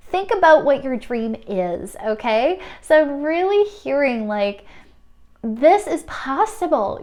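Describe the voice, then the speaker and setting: A high-pitched woman running a pick-a-card oracle reading. She keeps bursting into excited exclamations, then settles into a soft, reassuring tone as she speaks straight to the listener. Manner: gushing, excitable, exclaims often; soothing, reassuring addresses to the listener. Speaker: tarot card reader.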